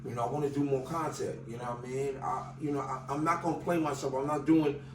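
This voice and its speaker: A man's voice: medium pitch, steady tone, fast, reverberant, recorded from a distance, a little hiss or hum, rough recording. A man from Staten Island with a New York accent, telling loose, slangy stories as a rapper guest in an interview and acting out the dialogue. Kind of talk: casual interview storytelling.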